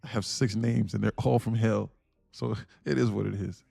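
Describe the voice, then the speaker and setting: A man's voice: lowish voice, fairly even intonation, moderate pace, creaky, warm tone, no room sound, studio quality. A man streaming live day trading, talking casually and laughing as he reads chat aloud. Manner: laid-back, chuckling, reads chat aloud.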